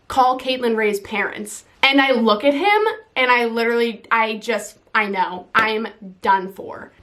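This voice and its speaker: A young woman casually telling a personal story, talking fast and full of "like", swearing now and then and jumping up in pitch when she quotes herself. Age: young adult. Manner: chatty, heavy use of "like", swears casually; animated, jumps in pitch when quoting.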